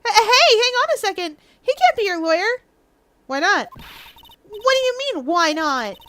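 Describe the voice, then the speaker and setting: A woman doing an indignant, excitable young woman. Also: very high voice, measured pace, no echo, voice pushed up, heavily acted. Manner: insistent, protesting.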